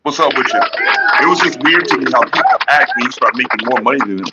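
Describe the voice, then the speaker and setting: A man's voice: mid-range voice, animated, quick pace, very noisy. A man hosting a casual livestream, telling loose stories and greeting viewers in the chat. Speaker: livestream host. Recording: dull lo-fi stream audio.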